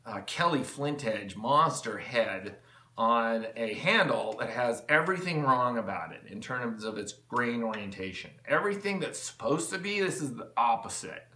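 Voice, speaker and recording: Rambling, excitable man in an echoey workshop. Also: mid-range voice, moderate pace. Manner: rambling, enthusiastic, with many fillers and restarts. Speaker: channel host. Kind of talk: rambling casual vlog talk. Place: home workshop.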